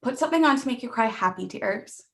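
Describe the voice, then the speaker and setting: A woman's voice: a little high, expressive, fast, vocal fry, fairly bright tone. Young woman guest, laughing, self-mocking. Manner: self-deprecating, laughs often, dramatic in retellings. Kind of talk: casual chat.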